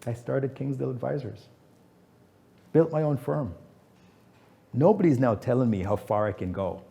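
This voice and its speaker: A man's voice: mid-range voice, expressive, moderate pace, vocal fry, warm tone. A man, a business founder speaking as guest at a fireside chat, telling stories emphatically and acting out quotes.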